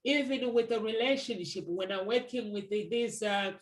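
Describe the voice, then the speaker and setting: A woman's voice: mid-range voice, normal speed. Woman matchmaker chatting, earnest n reflective, kinda echoey room. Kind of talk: casual conversation.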